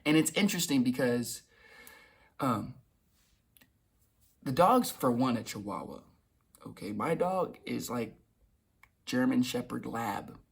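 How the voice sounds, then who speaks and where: A young man talks straight to his vlog audience in a loose, rambling way. He restarts sentences, repeats words and drops the odd curse. His voice is husky and sits at an ordinary pitch. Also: expressive, takes it slowly, pauses often. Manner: swears casually. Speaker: vlogger. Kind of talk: casual storytelling monologue.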